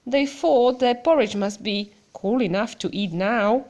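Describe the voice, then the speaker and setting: A woman reading a picture book aloud to a child, expressive, gasping and asking the listener questions. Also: on the high side, unhurried.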